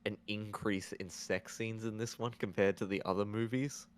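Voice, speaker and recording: Halting, rambling man with a lower voice. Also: steady tone, clear, resonant tone, dry recording. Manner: rambling, halting, laughs often. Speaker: podcast host. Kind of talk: casual movie-review chat.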